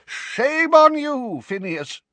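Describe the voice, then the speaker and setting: Man putting on a shrill, frail old wizard. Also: sing-song, slow, bright, forceful tone, no room sound, exaggerated voice. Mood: indignant. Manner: shrill, scolding. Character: frail, indignant elderly male wizard portrait. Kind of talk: audiobook character reading.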